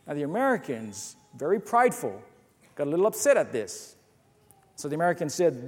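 A man's voice: medium pitch, expressive, a little fast, darkish tone, long reverb tail. A man preaching a sermon who reads scripture aloud and tells stories to make his point. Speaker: pastor.

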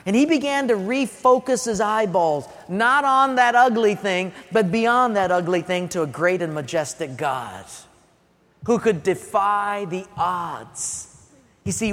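A man preaching a lively, jokey sermon, acting out sounds as he tells a story. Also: high voice, long reverb tail. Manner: animated, jokey, acts out sounds.

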